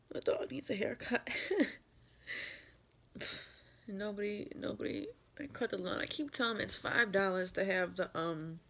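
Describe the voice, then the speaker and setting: A vlogger in her thirties, upset and tearful, vents in an emotional personal vlog. Her gravelly voice sits at a medium pitch, and her rambling talk is packed with fillers and restarts.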